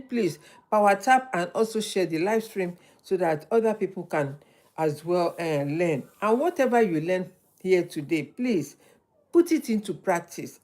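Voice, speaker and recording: A woman's voice: medium pitch, a little mellow. Woman hosting a motivational live stream. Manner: storytelling, repeats points for emphasis.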